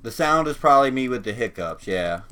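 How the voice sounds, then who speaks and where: A man's voice: mid-range voice, expressive, brisk, bright, forceful tone. A man co-hosting a casual gaming livestream, laid-back and dry, talking through a bout of hiccups. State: has the hiccups. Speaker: livestream co-host.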